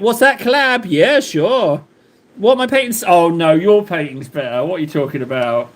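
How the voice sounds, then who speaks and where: Male stream host, high-pitched, loose and jokey, talks in fits and starts with constant fillers. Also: lively intonation, moderate pace. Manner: rambling, jokey, lots of fillers and self-interruptions. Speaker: livestream host. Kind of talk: casual chat with live chat readers.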